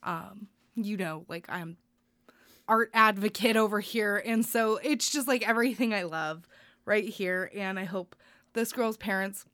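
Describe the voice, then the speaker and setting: Recorded in clean studio sound with no room tone, a young woman co-hosting a podcast gushes through good news in a casual, rambling way, filling gaps with fillers. Her mid-range voice is fairly bright and unhurried.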